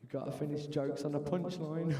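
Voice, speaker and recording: A man in his twenties doing a lively stand-up comedy set with crowd work, shouting his punchlines in a university bar. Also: a little high, moderate pace, a little hiss or hum. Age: 20s. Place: university bar venue, live audience. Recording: long reverb of a live venue.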